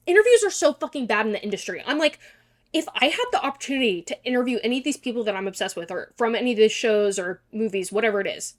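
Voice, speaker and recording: A woman giving a casual reaction commentary on a show, gushing and excitable, swearing freely. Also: mid-range voice, fast. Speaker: YouTuber.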